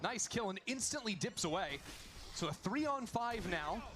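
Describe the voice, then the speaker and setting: A man calling an esports match play-by-play, with quick, lively calls of the action. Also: high-pitched, noisy background. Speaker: esports caster. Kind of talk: play-by-play commentary.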